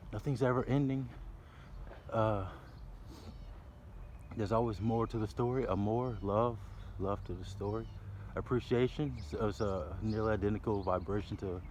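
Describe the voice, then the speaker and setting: A man's voice: on the low side, a little mellow, slight background noise. A man vlogging on a walk outside, rambling playfully through wordplay and laughing often, with passing cars in the background. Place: outdoors by a library building near traffic. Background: passing cars and city sounds.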